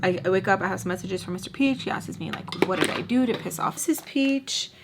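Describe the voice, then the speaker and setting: A young woman vlogging a casual storytime while doing her makeup, full of likes and quick restarts. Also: mid-range voice, expressive, gravelly, very noisy. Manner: chatty, many likes and restarts; voices others in quoted bursts.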